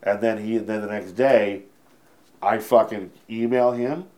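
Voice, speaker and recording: A Canadian stand-up comedian telling a story in an interview, rambling, swearing freely and correcting himself mid-sentence. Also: male voice, on the low side, steady tone, unhurried, darkish tone.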